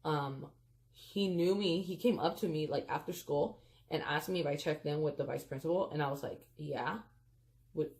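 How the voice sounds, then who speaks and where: A woman with a notably low voice tells a storytime to her viewers, animated and emphatic. She keeps calling them "you guys" and fills her talk with "like" and "freaking," in a loose, chatty way. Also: moderate pace. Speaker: storyteller vlogger. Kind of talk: casual storytime vlog.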